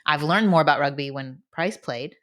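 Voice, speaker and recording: Low-voiced chatty woman podcaster. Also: fairly bright tone. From Indianapolis. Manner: chatty, laughs often, cuts in with quick asides. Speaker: podcast co-host. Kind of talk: casual chat.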